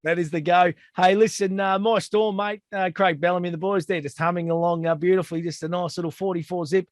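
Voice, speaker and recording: A high-pitched Australian man hosts a relaxed sports chat and sounds jokey and matey. He keeps addressing his listeners as kids. His voice is dry and close to the mic. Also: fairly quick, no echo. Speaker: podcast host.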